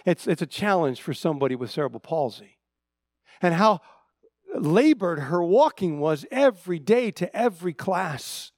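A middle-aged man preaching a sermon as pastor, telling a story with repeated words and swinging between loud emphatic lines and hushed drops. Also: high-pitched, expressive, normal speed, no room sound, studio quality.

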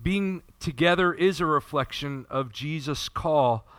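A man pastor gives a friendly welcome to a Good Friday service. His voice is bright and slightly high, and it sounds dry and close. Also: unhurried, no room sound.

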